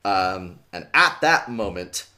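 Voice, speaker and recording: A man hosts a casual podcast, walking through a book's plot and jumping into the characters' lines as he goes. His voice sits fairly low but has a bright, forward edge. His pitch moves a lot as he tells the story. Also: takes it slowly. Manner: animated retelling, acts out characters' lines, swears casually. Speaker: podcast host recapping a book. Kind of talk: casual chat with read-aloud passages.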